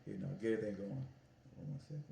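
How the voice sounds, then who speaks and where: A man in his home kitchen, telling stories about his Italian ice business in an animated, folksy way while he cooks. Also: on the low side, racing, gravelly, reverberant. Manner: animated, folksy storytelling with "y'all" and "family". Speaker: food vlogger and Italian ice vendor. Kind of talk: casual storytelling while cooking.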